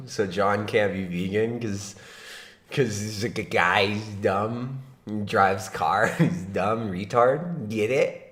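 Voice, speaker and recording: A man's voice: fairly low pitch, takes it slowly, fairly bright tone, echoey room. A man hosting a livestream, giving mocking reaction commentary in a sarcastic, laughing way. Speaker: livestream host.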